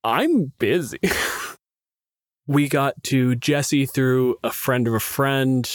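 A man's voice: medium pitch, animated, slow, no echo, clean studio sound. A young man from Canada, co-hosting a podcast as its game master, chatting casually in a rambling, self-deprecating way. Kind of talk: casual chat.

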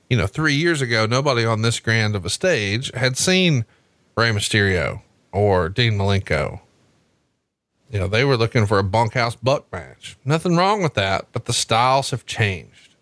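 A man's voice: lowish voice, lively intonation, moderate pace, a bit bright, no room sound. A man co-hosting a wrestling podcast, chatting casually, swearing freely and laughing often. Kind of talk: casual profane banter.

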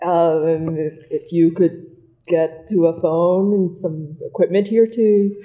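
A woman voicing a scared male pilot pinned in a crashed plane at a live script reading, halting and pleading. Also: on the low side, steady tone, narrow, tinny audio. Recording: echoey room.

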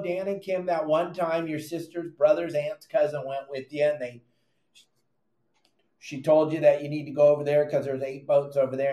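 A man's voice: medium pitch, warm tone, roomy sound. A man hosting a fishing podcast, giving emphatic, repetitive advice and calling his listeners "gang". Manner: emphatic, repeats points, addresses listeners as "gang". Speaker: fishing podcast host and charter captain. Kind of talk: animated advice monologue.

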